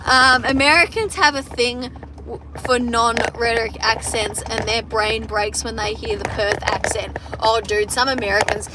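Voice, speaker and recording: A woman's voice: on the high side, fairly even intonation, a little slow, noisy background. A young Australian woman who farms, chatting casually and bluntly on a livestream while reading comments, swearing freely. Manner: profane, blunt, joking. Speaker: farmer livestreamer.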